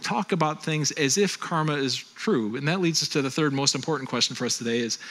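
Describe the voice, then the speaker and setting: Male pastor, animated sermon delivery, bright tone, slightly high voice. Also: a little fast. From Western New York. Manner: animated, quotes voices, conversational preaching.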